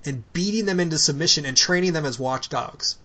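A man co-hosting a casual podcast chat, excitable and swearing casually, laughing often. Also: on the high side, brisk, over a noisy crowd. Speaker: podcast co-host.

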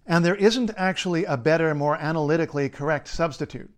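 Man explaining in a higher voice. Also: slight background noise. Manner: measured, playful explaining. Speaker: linguist and writer. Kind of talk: scripted explainer narration.

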